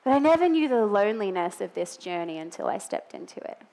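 A woman's voice: mid-range voice, very animated, quick pace, dark tone, low-quality recording. A woman in her thirties preaching a sermon, telling personal stories earnestly with emphatic peaks. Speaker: pastor's wife preaching.

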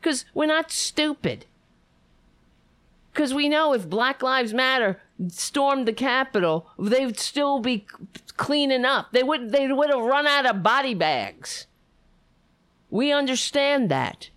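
A woman pours out angry, profane commentary as she reacts to a political clip, throwing sarcastic jabs between her points. Her pitch leaps high and drops low as she vents. The sound is close and dry, with no room echo. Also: lively intonation, slow pace, fairly bright tone, clean tone. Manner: furious, swearing, sarcastic asides.

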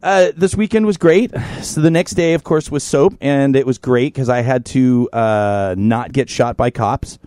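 A man co-hosting a podcast, telling a story in casual chat, animated and profane, in a podcast studio. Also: mid-range voice, a little slow, few pauses, smooth, no echo. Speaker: podcast co-host. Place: podcast studio in North Hollywood.

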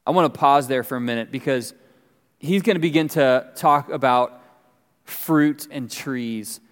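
A man giving a conversational sermon as pastor, telling stories with lively emphasis. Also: mid-range voice, unhurried. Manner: conversational preaching, animated storytelling. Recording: long reverb of a large hall.

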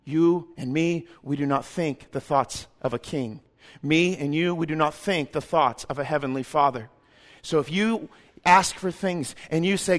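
A man preaching a sermon. He swings from loud, emphatic passages to hushed, intimate ones and acts out quoted voices in a casual, joking way. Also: on the high side, unhurried. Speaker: pastor.

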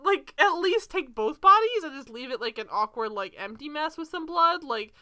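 A woman co-hosting a casual show recap, animated and sarcastic, swearing and laughing often. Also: high voice, moderate pace. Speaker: podcast co-host.

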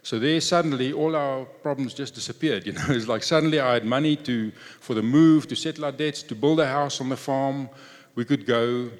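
A man's voice: medium pitch, normal speed, big-room sound. A man sharing a personal testimony in a conversational storytelling way.

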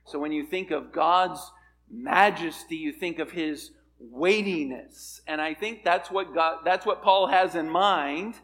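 A man preaching a sermon as a pastor, earnest and building to emphatic peaks. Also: a little high.

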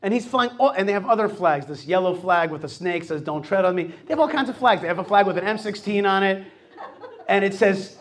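A man talks as host of a radio show, telling stories with energy and acting out other people's lines. His voice sits fairly high for a man. He is middle-aged and casual. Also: fairly quick, slight background noise. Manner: animated storytelling, acts out quotes.

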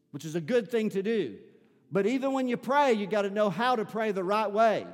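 A pastor with a notably high voice delivers a sermon, moving between scripture reading and fervent, rising prayer. His voice rings out with a long reverb from a large church hall. He pushes toward shouted appeals as he preaches. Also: fast. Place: church sanctuary.

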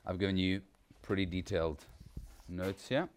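A man with a low, easy voice leads a workshop for preachers. He talks in a loose, conversational way, often restarts his sentences and puts rhetorical questions to the room. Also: steady tone, moderate pace, a little hiss or hum. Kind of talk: informal teaching talk.

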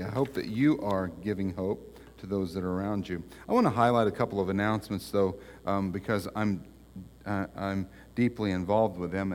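A pastor gives announcements from the pulpit, halting and full of fillers, then lively as he tells a story. His voice sits in the middle range for a man. A long reverb trails every phrase in the church sanctuary. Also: mid-range voice. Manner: halting, with many fillers and restarts, growing animated in stories. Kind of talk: church announcements and joke telling.

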